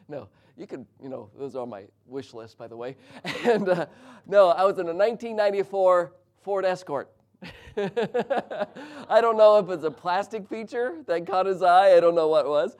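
A middle-aged man delivers a sermon, moving from a quiet prayer into a personal anecdote. His voice sits a little high for a man, and he tells the story with lively, animated energy, often chuckling as he goes. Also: moderate pace. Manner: animated, laughs while telling a story. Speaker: preacher.

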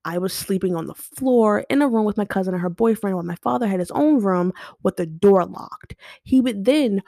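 A woman's voice: mid-range voice, a little fast, vocal fry, mellow, no echo, studio quality. A young woman hosting a podcast, talking unscripted and bluntly about her past, swearing often. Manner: blunt and emotional, frequent swearing. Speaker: podcast host. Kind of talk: unscripted personal monologue. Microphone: home podcast mic.

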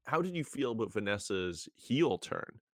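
A young man co-hosting a podcast, chatting casually about a TV show, talkative and quick to laugh. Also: fairly low pitch, very animated, no room sound, studio quality. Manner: chatty, laughs often, trails into restarts. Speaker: podcast co-host. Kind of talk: casual chat recapping a TV show.

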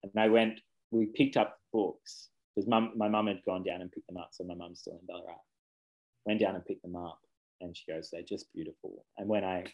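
A man's voice: deep voice, gravelly, darkish tone, muffled recording. A man, a children's book author chatting casually in an interview, rambling and self-correcting, laughing easily.

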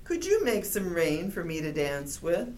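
A woman's voice: fairly low pitch, unhurried. Woman voicing an eager, wistful young bear. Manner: eager, excitable calls.

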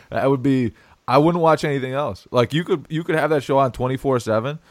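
A man's voice: medium pitch, moderate pace, no echo. A man hosting a casual sports podcast, laughing often and restarting his sentences. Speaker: podcast host.

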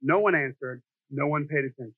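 A man's voice: on the high side, a little fast, breathy edge, no room sound. A middle-aged man preaching a sermon in a jokey, self-deprecating, conversational way. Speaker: pastor. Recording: dry, tinny phone-like sound.

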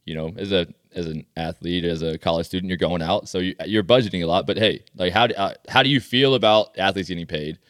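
Very low-pitched male podcast co-host, chatty and pumped, dry sound. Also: quick pace, few pauses, a bit bright, no echo. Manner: enthusiastic, chatty, self-deprecating. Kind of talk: casual sports chat.

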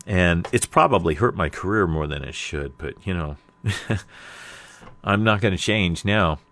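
A man's voice: deep voice, measured pace, a bit bright. A man telling a long joke in a conversational, rambling way, full of fillers. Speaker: storyteller. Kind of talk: casual spoken joke-telling.

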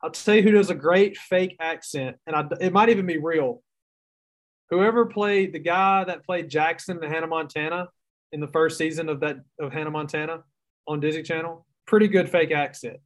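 A young man with a Southern drawl and a slightly raised pitch talks on a podcast. He tells long stories in a loose, self-mocking way. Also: normal speed. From Mississippi. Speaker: guest writer. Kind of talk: casual podcast chat.

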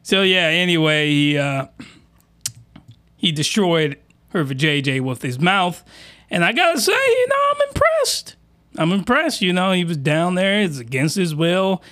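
High, lively man ranting crudely. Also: measured pace, clear, resonant tone. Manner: rowdy, slangy, exaggerated outbursts. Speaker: commentary host. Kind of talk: crude comedic reaction commentary.

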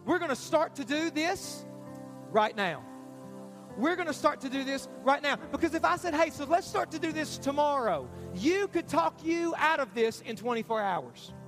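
A pastor giving an urgent, repetitive altar call in a church sermon. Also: male voice, very high voice, expressive, normal speed, a bit bright, soft background music. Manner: urgent, repetitive, pleading preaching. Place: church stage.

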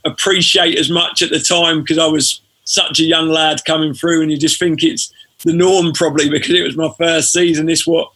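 A man, a former footballer telling stories as a podcast guest in a relaxed way. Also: fairly high pitch, moderate pace. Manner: relaxed storytelling, frequent fillers. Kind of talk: casual podcast interview.

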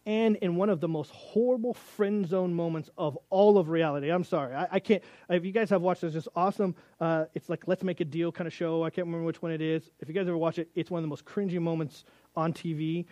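Animated man teaching the Bible. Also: fairly high pitch, fast talker, dry recording. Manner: animated storytelling, acts out quotes, casual asides.

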